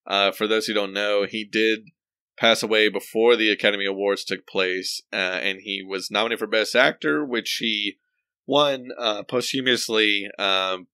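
Bright-voiced young man, low pitch. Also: steady tone, normal speed, clean tone, dry recording. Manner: talkative, shares film trivia. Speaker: podcast co-host. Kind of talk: casual chat.

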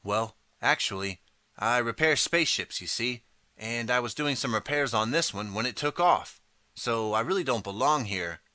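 A man's voice: medium pitch, lively intonation, normal speed, sharp tone, dry recording. A man voicing a nervous young time traveler who fumbles excuses in an audiobook story. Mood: flustered.

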